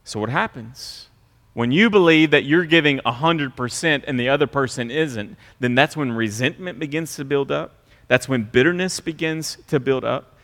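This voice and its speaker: A middle-aged man preaching a sermon in a church, dropping to quiet asides and rising to loud mocking impressions. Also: mid-range voice, normal speed. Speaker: pastor. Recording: long hall reverb.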